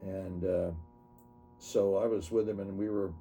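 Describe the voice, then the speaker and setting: A man in his seventies, an army veteran, recounting his memories in an oral history interview, halting and correcting himself as he goes. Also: low voice, flat delivery, mellow, faint music behind. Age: 70s. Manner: halting, self-correcting storytelling.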